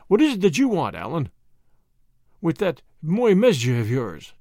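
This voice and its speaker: A man's voice: fairly high pitch, wildly swooping pitch, moderate pace, dark tone, no echo, clean studio sound. A man voicing a stern older Boer commandant who speaks in a firm, authoritative way. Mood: troubled.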